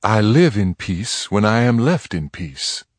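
A man's voice: fairly low pitch, big pitch swings, unhurried, dry recording. A man reading a firm, dignified frontier mother. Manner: firm, dignified, plainly spoken. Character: proud, steadfast frontier mother defending her home.

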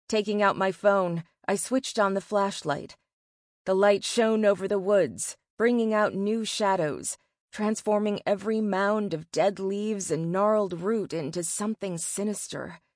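Slow, dry-voiced woman narrating a novel. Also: mid-range voice, no echo. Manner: measured and expressive. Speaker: audiobook narrator. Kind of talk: first-person novel narration.

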